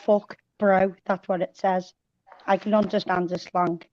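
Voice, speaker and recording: A woman's voice: medium pitch, level tone, measured pace, darkish tone, highs cut off, slight background noise. A woman from Cheshire chatting on a live stream, joking and teasing the others. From Cheshire, England. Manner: teasing, laughing banter. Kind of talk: casual live-stream chat.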